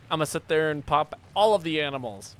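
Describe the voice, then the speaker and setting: A man streaming a game, chatting casually and joking with his viewers, now and then yelping with excitement. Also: on the high side. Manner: relaxed, joking, with sudden excited yelps. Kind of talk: casual gameplay chat. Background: game music.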